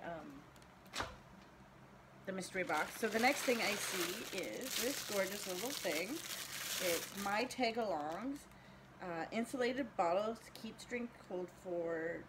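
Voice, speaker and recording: Chatty woman unboxing with background noise. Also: mid-range voice. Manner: chatty, enthusiastic, talks baby-talk to her dogs. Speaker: beauty channel host. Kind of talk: casual unboxing vlog. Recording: home video with clear background noise.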